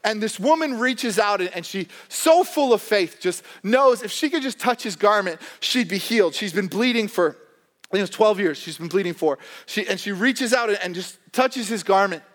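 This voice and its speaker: A man preaching a sermon as pastor, animated and joking, acting out the voices of characters in the stories he tells. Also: sits high, normal speed. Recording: long hall reverb.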